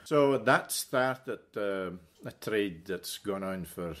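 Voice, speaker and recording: A middle-aged man, a livestock farmer telling his story slowly, with many hesitant fillers and repeats. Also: on the low side, expressive, fairly bright tone. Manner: deliberate, with frequent hesitant fillers and repeated words. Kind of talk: reflective interview storytelling.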